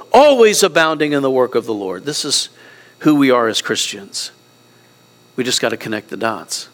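A middle-aged male pastor preaching a sermon in a high, earnest voice. He is emotional and near tears, dropping soft and low before rising again to press a point. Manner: earnest, preaching with wide swings between soft and raised passages.

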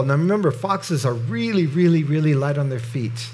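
A middle-aged man walks through scripture verse by verse, speaking in a relaxed, conversational way that often stalls and restarts. His voice sits somewhat high for a man. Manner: conversational, halting, with frequent restarts. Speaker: Bible teacher. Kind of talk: verse-by-verse Bible teaching.

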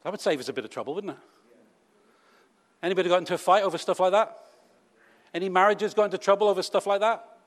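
A British man with a high voice talks fast, leaving long pauses, as he preaches to his congregation in a church hall. His sermon is conversational and teasing, packed with rhetorical questions, and the hall's long reverb hangs on the sound.

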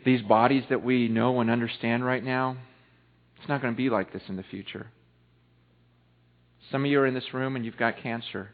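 A male pastor preaching a sermon in church, swinging between loud, impassioned stretches and hushed ones. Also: lowish voice, steady tone, moderate pace. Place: church hall. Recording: echoey hall over tinny phone-like audio.

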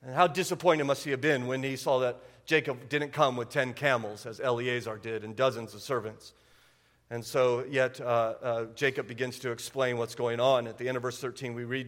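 A man in his forties preaching a humorous sermon to a church congregation, full of quick asides and repeated "okay?". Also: medium pitch, steady tone. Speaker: pastor. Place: church sanctuary.

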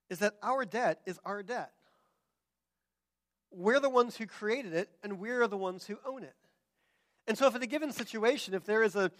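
A man preaching a sermon, animated and often acting out the voices of people he quotes. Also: sits high. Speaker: pastor.

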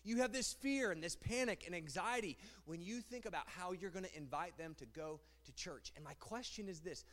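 A married man preaching a sermon as pastor, animated and rhetorical, often repeating phrases. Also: high-pitched, a little fast, hardly any pauses. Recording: long hall reverb.

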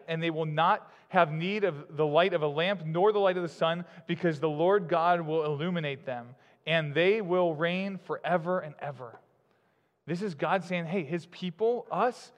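Male pastor, relaxed conversational sermon, slightly raised voice, echoing hall. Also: high-pitched. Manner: conversational, chatty preaching with fillers and quick laughs. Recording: long hall reverb.

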